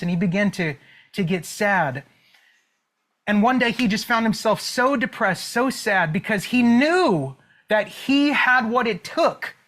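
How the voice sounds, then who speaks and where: A man's voice: high-pitched, a bit bright. A man coaching an online audience, telling a motivational story. He checks in often with "okay?" and "right?" and draws out key words for emphasis.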